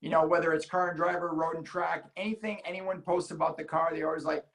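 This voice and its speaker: A man from Illinois telling a story in casual chat, animated and acting out the voices he quotes. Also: on the high side, quick pace, rough recording. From Illinois, United States. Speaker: guest car enthusiast.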